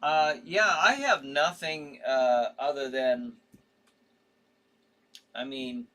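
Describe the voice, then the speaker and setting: A man's voice: medium pitch, slow, a bit bright. A tired man hosting a casual horror livestream, reading viewer comments and rambling with frequent restarts.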